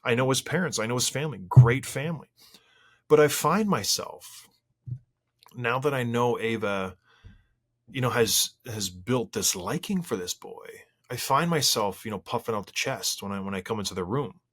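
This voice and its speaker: A man in his forties chats his way through a solo podcast at a medium pitch. He rambles and restarts sentences, and his voice swings up and down as he tells stories. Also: normal speed, a bit bright. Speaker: podcast host. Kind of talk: casual solo podcast chat.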